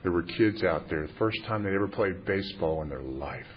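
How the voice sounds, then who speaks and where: Fifties man, low-ish voice, self-mocking confessional speaker, muffled old tape. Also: expressive, fairly quick. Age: 50s. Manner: wry, plainspoken, self-mocking. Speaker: recovery meeting speaker. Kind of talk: humorous confessional storytelling. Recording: muffled lo-fi tape with faint hiss.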